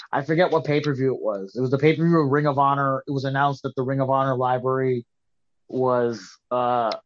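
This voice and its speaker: A man co-hosting a casual wrestling chat, rambling and restarting his sentences, skeptical in tone. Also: mid-range voice. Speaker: podcast co-host. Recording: dull lo-fi podcast audio.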